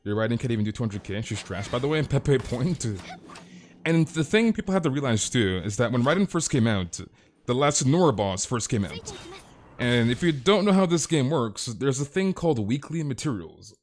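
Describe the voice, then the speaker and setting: A man's voice: medium pitch, normal speed, a little hiss or hum. Ranting, stammering male game streamer. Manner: excitable, stammering repeats, frequent swearing. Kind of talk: casual live-stream rant.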